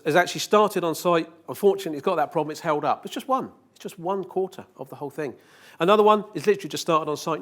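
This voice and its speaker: A man giving a live conference presentation, joking with the audience and asking rhetorical questions. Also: high voice. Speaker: conference speaker. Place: conference hall.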